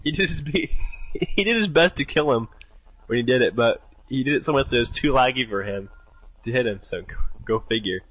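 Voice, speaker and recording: A man's voice: medium pitch, lively intonation, fairly quick, a bit bright, husky, poor audio. A young man co-hosting a casual gaming podcast, reading out listener submissions and trailing off at times. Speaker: podcast co-host.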